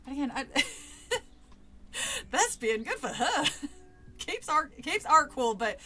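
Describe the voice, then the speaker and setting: A woman's voice: high voice, very animated, slow, bright, forceful tone, faint music behind. A woman streamer reading a spooky book aloud with casual asides to chat, laughing often and swearing freely.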